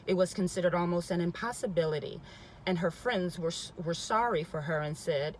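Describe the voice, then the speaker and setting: A woman's voice: lowish voice, moderate pace, a little mellow, a little hiss or hum, poor audio. A woman reading a spiritual self-help book aloud, often stopping to repeat passages and add emphatic comments of her own. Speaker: reader.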